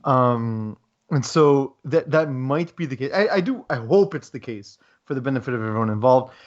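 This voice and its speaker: A man's voice: medium pitch, lively intonation, moderate pace. Rambling man on a lo-fi podcast. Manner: rambling, filler-heavy, wry asides. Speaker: podcast co-host. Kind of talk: casual chat.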